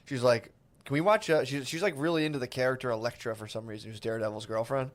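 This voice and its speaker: A man co-hosting a comedy podcast talks in a middle, steady voice. He rambles and restarts his sentences and slips in dry quips. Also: mid-range voice, rapid-fire. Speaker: podcast co-host. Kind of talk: casual comedic chat.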